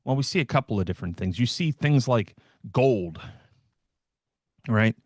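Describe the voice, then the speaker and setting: A trading livestream host, he speaks at a normal speed in a medium pitch with lively intonation, keeping his market talk loose, jokey, and heavy on fillers. The sound is clean studio audio without any room sound.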